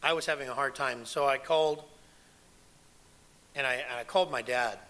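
A man preaching a sermon, telling stories with emphasis and swinging between a hush and loud, pressing delivery. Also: medium pitch, normal speed. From United States. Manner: emphatic storytelling, dropping to a hush and rising loud. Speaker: pastor and former missionary.

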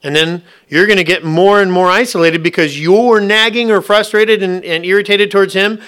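A man delivers a sermon in a bright, somewhat high voice. He preaches conversationally, pausing to ask the congregation rhetorical questions. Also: fairly even intonation, smooth. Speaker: pastor.

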